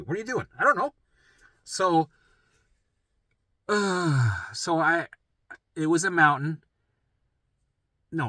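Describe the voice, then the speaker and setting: A middle-aged man telling his own story in a rambling, profane, animated way, often asking "right?" and jumping into acted voices. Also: no echo. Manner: acts out his own past voices in sudden pitch jumps. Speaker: vlogger sharing his recovery story. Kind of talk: casual storytelling monologue.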